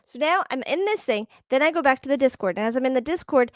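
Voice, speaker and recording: Podcast host, woman, high voice, animated storyteller, dry close mic. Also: fast, no echo. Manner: animated storytelling, laughing often. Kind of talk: casual chat.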